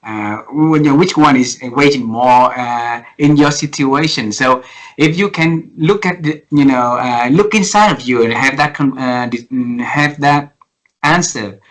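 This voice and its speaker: A man hosting an interview, asking long, halting questions full of fillers. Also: medium pitch, poor audio. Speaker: interview host. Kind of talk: conversational interview.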